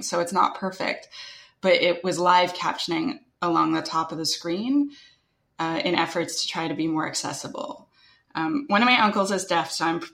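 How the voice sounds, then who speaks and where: A woman with a noticeably strong Canadian accent chats away as an interview guest. Her voice sits a little low, and she keeps her talk loose and friendly, full of "like" and "right?". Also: creaky, fairly bright tone, roomy sound. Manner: chatty, upbeat, full of "like" and "right?". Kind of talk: casual interview conversation.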